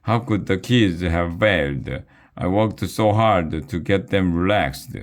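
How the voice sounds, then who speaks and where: A man voicing a frantic, easily upset female teacher, shouting and wailing in a storybook read-aloud. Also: low-pitched, slow. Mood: distraught.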